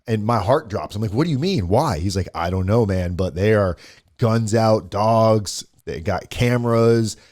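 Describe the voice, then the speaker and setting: Speaking in a fairly low, darkish voice at a measured pace, this man is a guest sharing his own story in a conversational way. He quotes other people as he goes and restarts frequently.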